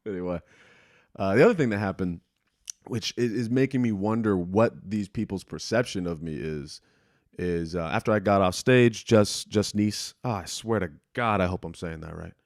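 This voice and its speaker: In a casual storytelling monologue, this young man hosting a podcast rambles, swears, pokes fun at himself, and performs other people's dialogue. His low voice moves at a moderate pace. The studio sound is clean, with no room sound.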